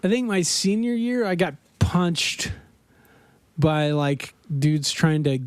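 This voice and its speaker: A man's voice: fairly high pitch, expressive, takes it slowly, smooth, no echo. A man telling a story in casual chat as a podcast guest, laughing often as he talks. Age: adult.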